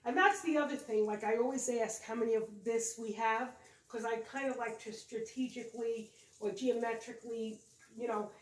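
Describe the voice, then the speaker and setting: Speaking at a normal speed in a fairly high voice, the decorating-channel co-host walks through her holiday décor by the decorated tree. She's chatty, rambles a little, and corrects herself as she goes, with the distant mic picking up an echoey room.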